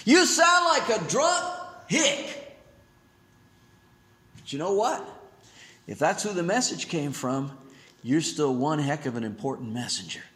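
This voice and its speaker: A male pastor preaching a sermon in an animated way, his pitch swinging up and down as he acts out quotes. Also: measured pace, pauses often. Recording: echoey room.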